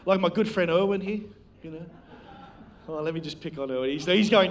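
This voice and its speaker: In church, before a live congregation, a male pastor with a higher voice takes an unhurried pace. He preaches on a handheld mic, recounting a personal story full of self-deprecating humor.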